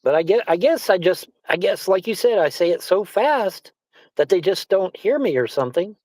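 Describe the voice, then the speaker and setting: A man with a high voice talks in a rambling, casual way, circling back over the same phrases and swearing freely. The recording is dry and close. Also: animated, normal speed, a little mellow, dry recording, rough recording. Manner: rambling, repeats himself, swears often. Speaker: livestream host. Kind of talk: casual chat. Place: Arizona.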